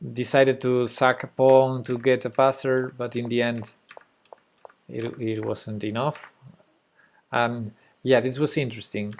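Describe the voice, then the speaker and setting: Slow-talking Spanish-accented man streaming chess. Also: medium pitch, little pitch movement, a little hiss or hum. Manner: slow, hesitant, with fillers and soft laughs. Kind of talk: casual live-stream commentary.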